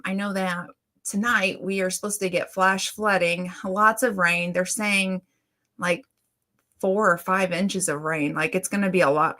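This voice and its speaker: A woman's voice: fairly low pitch, bright, forceful tone. A middle-aged woman, hosting a casual livestream and greeting viewers by name in a chatty way. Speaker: livestream host. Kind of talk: casual live chat.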